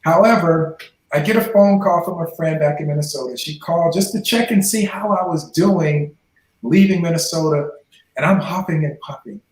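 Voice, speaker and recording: A man's voice: fairly high pitch, moderate pace. A man in his forties, a former professional football player, telling his life story in a podcast interview and acting out the voices in the dialogue he quotes. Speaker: guest, former NFL player. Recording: echoey room.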